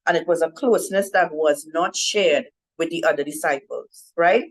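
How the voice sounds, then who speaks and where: A woman's voice: deep voice, normal speed, husky, low-quality recording. A woman giving an informal Bible teaching talk to women, keeps asking "right?" as she goes. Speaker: women's ministry speaker.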